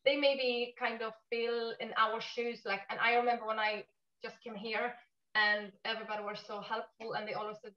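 A woman from Poland with a Polish accent, a native Polish speaker, talking quickly and animatedly in casual conversation as a guest. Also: a little high, echoey room, lo-fi sound. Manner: fast-talking, animated, non-native grammar.

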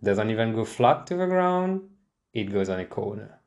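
A man's voice: on the low side, big pitch swings, moderate pace, darkish tone, muffled recording. A young man hosting his own podcast, rambling casually and mocking himself as he talks from a chair at home. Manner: rambling, self-mocking, many restarts and laughs. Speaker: podcast host. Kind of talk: casual solo podcast chat. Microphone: desk microphone, seated in a chair.

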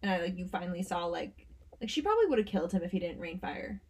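A woman co-hosting a podcast in casual chat, with a dry, deadpan sense of humor and a husky voice. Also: on the low side, fast. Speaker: podcast co-host.

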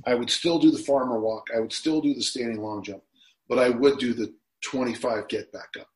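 A man's voice: medium pitch, steady tone, a little fast. A man in his sixties being interviewed on a podcast, talking in a reflective way that turns emotional at times. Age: 60s. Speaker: guest. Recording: roomy echo.

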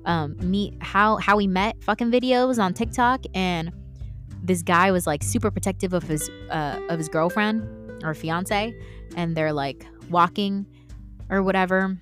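A young woman with a slightly low voice hosts her own podcast and rants without a filter, swearing constantly as she goes. She breaks into animated, mocking outbursts, and soft guitar music plays faintly behind her. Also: a little slow. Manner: candid and heavily profane, ranting. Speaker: podcast host. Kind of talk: solo podcast rant.

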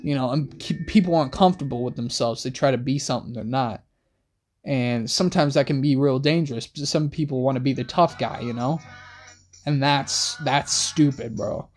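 A young man hosting a rambling late-night monologue in laid-back slang, with soft music playing behind him. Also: medium pitch, normal speed. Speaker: host. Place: in a car.

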